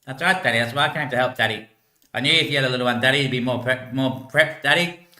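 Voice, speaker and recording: A man's voice: medium pitch, fast talker, bright, forceful tone. A man voicing an earnest small child who keeps saying "Daddy". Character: small child earnestly helping a struggling dad. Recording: echoey room.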